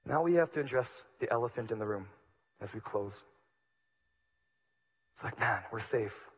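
A man preaching a sermon as pastor, moving between hushed, low passages and loud, emphatic ones. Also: animated, moderate pace.

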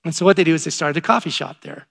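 A man preaching as a pastor, telling a story in a conversational way that rises to excited emphasis. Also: a little high, racing, creaky, slightly rough. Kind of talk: sermon.

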